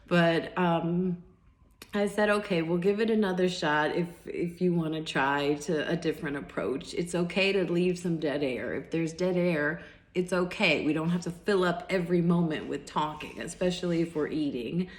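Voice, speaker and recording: A woman's voice: fairly low pitch, animated, moderate pace, roomy sound. A woman vlogger casually recounting a recent date, acting out both sides of the conversation with lots of fillers and restarts. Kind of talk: casual storytelling monologue.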